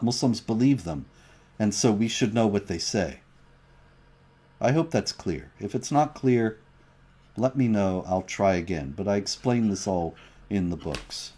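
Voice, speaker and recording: A man's voice: medium pitch, darkish tone. A man co-hosting a livestream, explaining points emphatically and reading out viewer chat comments. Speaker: co-host of a livestream show.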